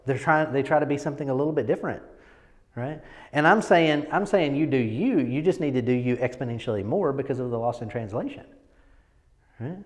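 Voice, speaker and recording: A man with a brisk, mid-range voice coaches a group on presentation, and his words trail off into a long reverb. His casual teaching is emphatic, full of repeated words and frequent "right?" check-ins.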